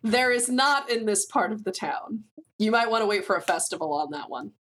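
A woman's voice: mid-range voice, fairly quick, a bit bright. A woman running a tabletop game as game master, narrating scenes in a playful way and laughing easily.

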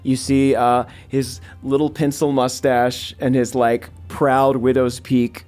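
A man narrating a tabletop game as game master, in a slow, dramatic manner. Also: mid-range voice, level tone, darkish tone, faint music behind.

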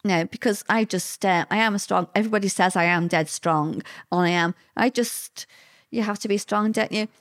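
A middle-aged woman talks through painful memories in a halting way, stopping often to restart her sentences. Her voice sits in an ordinary middle pitch. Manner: halting, hesitant, with many fillers and restarts. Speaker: interviewee. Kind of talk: personal testimony in conversation.

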